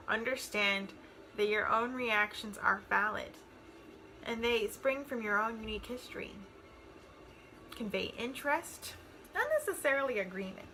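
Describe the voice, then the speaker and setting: A woman reads slowly from a worksheet, pausing and filling gaps with ums. Her voice is bright and clear, with faint noise in the background. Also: mid-range voice, low-quality recording. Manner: slow, hesitant, with many ums. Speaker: student reading coursework aloud. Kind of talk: reading a list and working through an exercise.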